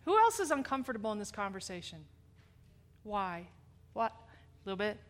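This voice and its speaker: A woman's voice: mid-range voice, sing-song, moderate pace. A woman pastor leading a congregation discussion in a church, prodding people with questions and laughing easily. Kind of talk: open group discussion in church. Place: church sanctuary.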